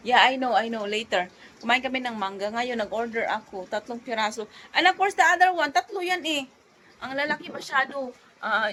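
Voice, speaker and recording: A young adult Filipino woman vlogging at home, chatting casually and cooing softly to her small child in between talk to her viewers. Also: a little high, slight background noise, poor audio. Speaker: vlogger and mother. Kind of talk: casual home vlog chat.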